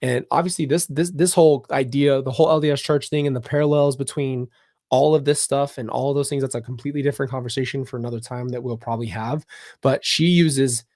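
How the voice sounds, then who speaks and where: A man's voice: medium pitch, steady tone, fast, darkish tone, no echo, studio quality. A man hosting a casual commentary vlog, talking bluntly and emphatically with open frustration. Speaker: channel host.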